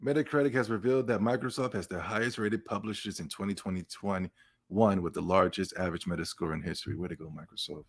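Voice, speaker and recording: A man's voice: lowish voice, fairly quick. A man hosting a podcast, giving casual gaming news commentary in a sarcastic, emphatic rant with laughs between remarks. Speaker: podcast host.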